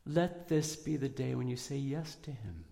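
A man pastor giving an Easter sermon in a church, earnest and prayerful, pushing up for emphasis and then going soft. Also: mid-range voice, lively intonation, normal speed, creaky, long reverb tail.

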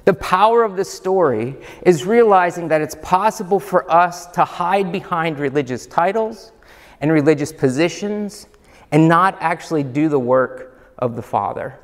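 Male pastor, high pitch, unhurried emphatic sermon delivery, hall reverb. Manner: emphatic, rhetorical questions.

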